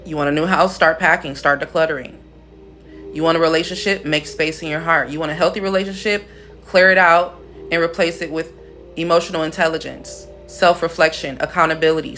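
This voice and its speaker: A woman's voice: low voice, fairly bright tone. A woman hosting a casual spiritual livestream, talking in a blunt, profane, playful way.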